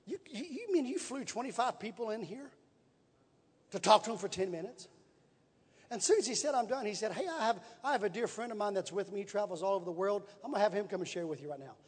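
High, husky preacher man. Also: animated, fast. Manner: folksy, repetitive storytelling with rising preaching emphasis. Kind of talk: sermon storytelling. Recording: long reverb in a large hall.

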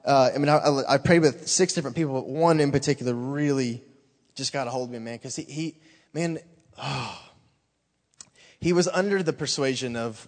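A man giving an informal, earnest testimony to a church congregation, excitedly urging them on and filling his talk with "man". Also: medium pitch, moderate pace, long reverb tail.

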